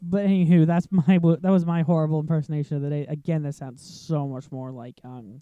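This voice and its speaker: A man's voice: a little high, fairly even intonation, fairly quick, dark tone, smooth, no room sound, dull audio, faint music behind. A man hosting a casual let's-play commentary, rambling and chatty, easily sidetracked, filling gaps with lots of ums. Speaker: gaming channel host.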